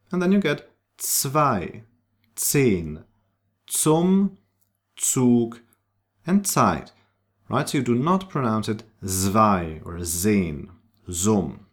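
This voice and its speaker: A man teaching pronunciation, saying example words slowly and repeating each sound. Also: medium pitch. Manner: slow, demonstrative, repeating sounds. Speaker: German teacher. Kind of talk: pronunciation lesson.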